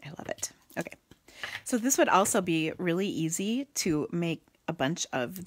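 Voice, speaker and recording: A woman's voice: fairly low pitch, very animated, normal speed, breathy edge, no room sound. Chatty woman demoing card crafts. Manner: chatty and goofy, talks to viewers and mutters to herself while working. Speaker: card-making demonstrator hosting a livestream. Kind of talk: casual live crafting demo.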